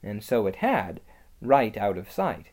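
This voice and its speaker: An audiobook narrator reading a children's story in a lively, expressive manner. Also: medium pitch, a little slow. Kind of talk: scripted narration.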